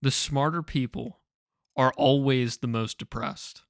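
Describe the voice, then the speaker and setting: A man's voice: mid-range voice, fairly even intonation, a little slow, dry recording. Young male podcast co-host, playful and scattered, medium voice, dry studio sound. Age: young adult. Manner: joking, jumps between wild ideas, laughs often. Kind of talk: casual chat.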